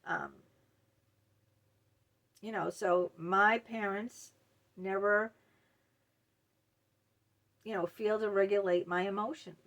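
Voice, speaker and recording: A middle-aged woman speaks personally to her viewers in a candid, emotional way. She stops and restarts often, filling gaps with ums and you-knows. Her voice sits at an ordinary middle pitch. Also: steady tone, fairly bright tone. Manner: candid, emotional, halting with many fillers. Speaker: mental health video host. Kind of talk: personal talk to camera.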